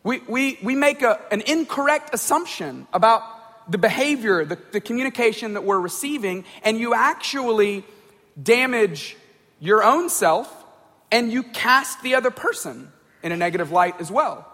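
A man's voice: high-pitched, lively intonation, moderate pace, sharp tone, long reverb tail. A man giving an informal talk to a group, conversational, often repeating words and checking in with the audience. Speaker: speaker addressing a group.

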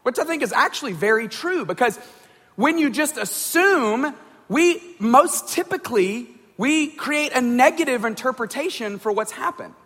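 A man with a high voice gives a casual talk to a group, stumbling over words and often checking in with his listeners. His voice carries a long hall reverb. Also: expressive, normal speed, fairly bright tone. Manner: conversational, repeats words, checks in with "right?" and "okay?". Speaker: speaker addressing a group. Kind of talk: informal talk on communication.

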